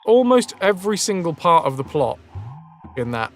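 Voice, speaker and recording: A young man rambles through live game commentary, crude and joking at his own expense. His voice sits a little high and swoops all over the place. Soft game music plays faintly behind him. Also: very animated, moderate pace. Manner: chatty, crude, self-mocking, swears freely. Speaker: streamer. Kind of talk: casual live gameplay commentary.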